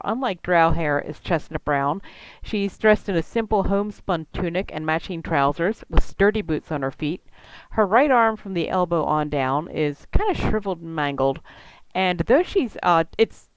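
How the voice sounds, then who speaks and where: A woman's voice: on the low side, clear, resonant tone, dry recording, rough recording. A woman narrating a tabletop game as game master, descriptive and chatty, laughing easily.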